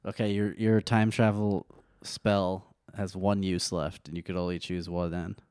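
A man's voice: sits low, level tone, a little slow, darkish tone, smooth, no echo, studio quality. A man in casual chat, laughing often and asking playful questions.

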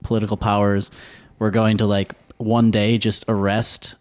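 Low-voiced man, dry teasing. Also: level tone, moderate pace, darkish tone, smooth. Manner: dry teasing, explains with many fillers. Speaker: podcast co-host. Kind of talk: casual chat.

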